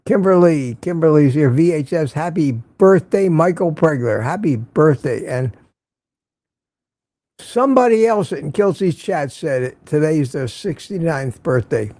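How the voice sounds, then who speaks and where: A man's voice: fairly high pitch, animated, unhurried, dark tone, no echo. An older man hosting a casual morning livestream, greeting viewers by name and rambling sarcastically. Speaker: livestream host.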